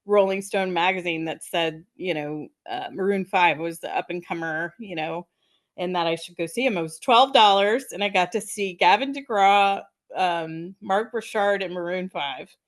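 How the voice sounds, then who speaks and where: A woman hosting a casual interview, laughing often and sharing her own story. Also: on the low side. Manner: laughs often, chatty and responsive. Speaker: interview host. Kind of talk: casual chat.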